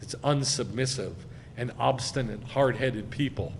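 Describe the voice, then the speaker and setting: A man giving a sermon as a rabbi, speaking with emphasis and swelling loud on key phrases. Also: medium pitch, animated, a little slow, long reverb tail. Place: congregation sanctuary.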